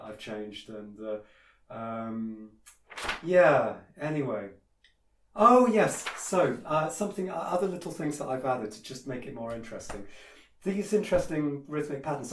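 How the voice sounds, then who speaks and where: A man's voice: medium pitch, sing-song, a little slow, slight background noise. A man teaching a piano piece in a casual tutorial, opinionated and hesitant, with many fillers and restarts. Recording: echoey room with piano playing.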